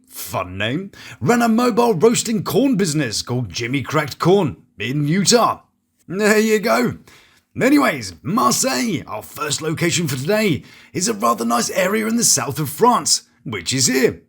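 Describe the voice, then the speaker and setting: This British man, a reality TV reviewer from Britain, speaks in a voice on the high side that is creaky, somewhat bright and husky. He delivers sarcastic, jokey scripted commentary on reality TV in British English, dropping in mock-theatrical asides.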